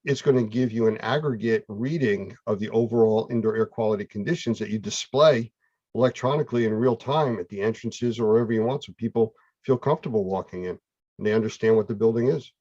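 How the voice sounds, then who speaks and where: A man's voice: fairly low pitch, fast, mellow, dry recording. A man hosting a casual conversation, explaining things in an easy, conversational way. His audio sounds dull and lo-fi. It is dry, with no room sound. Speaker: host. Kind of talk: casual chat.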